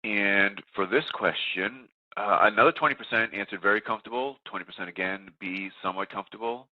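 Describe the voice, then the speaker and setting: Brief: very low-voiced webinar moderator, stuffed up with a cold, tinny phone-line audio, procedural delivery. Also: male voice, brisk, no room sound. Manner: steady, procedural, self-correcting. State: congested from a cold. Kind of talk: running audience polls.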